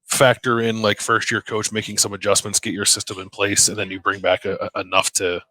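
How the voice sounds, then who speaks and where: A man co-hosting a casual sports podcast, chatty and quick to laugh, with lots of fillers. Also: lowish voice, level tone, pushed and bright. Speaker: podcast co-host.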